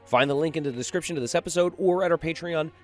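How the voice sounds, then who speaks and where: A man's voice: on the high side, fast, faint music behind. A man reading a scripted podcast promo in an upbeat, salesy way.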